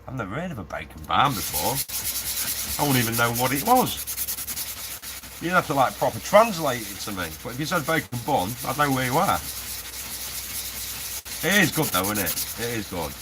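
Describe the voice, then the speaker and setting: A man's voice: medium pitch, very animated, normal speed, pauses often. Chatty man in a noisy workshop. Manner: chatty, laughs often, reads chat aloud. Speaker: prop maker streaming live. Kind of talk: casual live-stream chat. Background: sanding and 3D printer noise.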